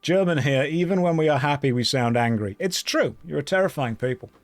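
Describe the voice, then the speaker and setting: A man live-streaming an online game, chatting casually with his viewers and joking in a deadpan way while reading their messages aloud. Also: fairly high pitch, a little fast, no room sound.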